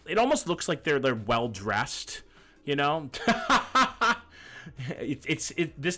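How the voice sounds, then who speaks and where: Reacting to pet photos sent in by viewers, this male streamer keeps things casual, jokey and full of swearing. His voice is mid-range and fairly bright, and faint background music can be heard.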